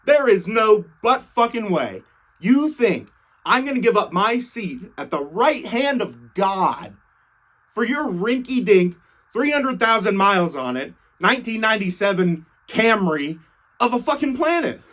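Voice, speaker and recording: A man's voice: medium pitch, expressive, quick pace, hardly any pauses, lightly acted. A man doing a fed-up Jesus ranting. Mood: scornful rant. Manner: loud incredulous ranting, swearing. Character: exasperated Jesus, young man, scornful and fed up.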